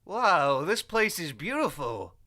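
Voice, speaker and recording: A man's voice: a little high, big pitch swings, slow, bright, forceful tone, pitched above the performer's own voice, heavily acted. A man voicing a clueless young male noob gamer with a wide-eyed, bewildered manner, recorded as video game voice acting takes. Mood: awestruck.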